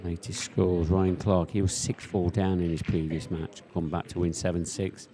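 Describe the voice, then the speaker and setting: A man calls a live pool match in an easygoing, conversational way, reading out comments from viewers between shots. His voice sits low and stays level, with little rise and fall. The stream audio carries a steady hiss and occasional clicks. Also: normal speed. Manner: casual, chatty, reads viewer comments aloud.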